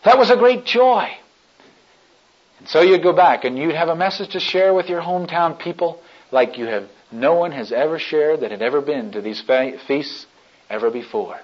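A male preacher telling a story in a sermon, swinging between hushed and loud delivery. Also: a little high, expressive, normal speed. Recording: dull lo-fi recording.

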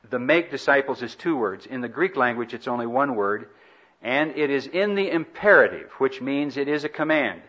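A man's voice: mid-range voice, a bit bright. Earnest preacher man, dull recording. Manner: earnest, emphatic, with dramatic pauses and swells. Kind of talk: sermon.

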